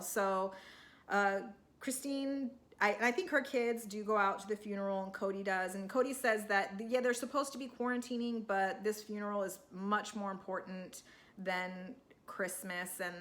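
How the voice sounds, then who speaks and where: A woman's voice: medium pitch, sharp tone. A woman talking through a TV episode recap in a casual, emotional, rambling way, full of restarts. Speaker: TV recap vlogger.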